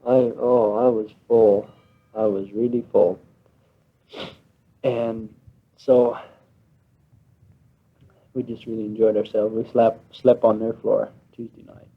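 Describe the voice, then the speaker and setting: A man's voice: on the low side, flat delivery, slow pace, pauses often, husky. A young American man on a mission abroad, chatting on a tape letter to his family at home, laughing often and sounding homesick. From United States. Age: young adult. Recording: lo-fi 1960s home tape, phone-like band.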